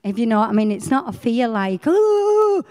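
A middle-aged woman, telling her faith story in a chatty, animated way. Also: mid-range voice, quick pace, smooth, big-room sound. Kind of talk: personal faith testimony.

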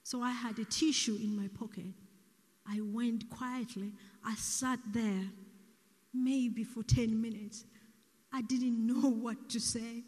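A soft-spoken woman preaching a sermon, speaking slowly and deliberately and sometimes dropping almost to a whisper, in an echoey church hall. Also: a little high, steady tone.

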